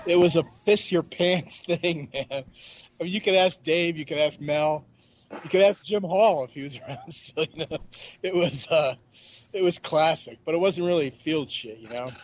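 A man's voice: a little high, normal speed, highs cut off, slight background noise. An older man, a regular panelist, chiming in with blunt, profane remarks in casual chat.

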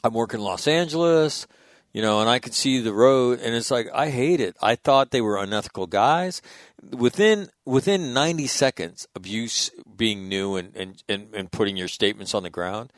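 A middle-aged man and Marine veteran, telling stories in a blunt, profane, animated way in a casual interview. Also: mid-range voice, normal speed, no room sound, studio quality.

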